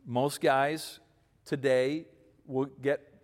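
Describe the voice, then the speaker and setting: A man in his fifties with a mid-pitched voice, talking folksy and emphatic as he advises an audience. His words carry a long hall reverb. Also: little pitch movement, very slow. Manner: folksy, emphatic, repeats himself. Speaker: speaker giving marriage advice to men. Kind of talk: advice talk to an audience.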